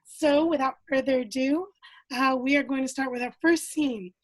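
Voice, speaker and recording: Woman hosting a live stream over a video call, high voice, chatty and sorry-sounding. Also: fairly even intonation, moderate pace, no room sound, rough recording. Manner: apologetic, upbeat. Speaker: host. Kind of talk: casual introduction to a live stream.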